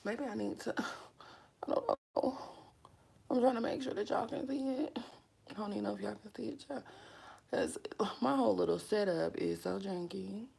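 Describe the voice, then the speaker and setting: A young woman chats to her viewers while she does her brows, dramatic and talkative, calling everyone honey and y'all. Her voice is husky with a gravelly edge. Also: medium pitch, fairly quick, warm tone. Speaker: vlogger. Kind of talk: casual makeup vlog chat.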